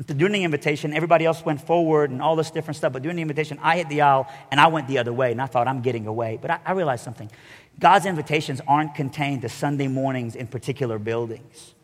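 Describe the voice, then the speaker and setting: A man's voice: on the high side, racing, in a large hall. A man preaching a sermon, telling his story with animation and acting out the voices of the people in it.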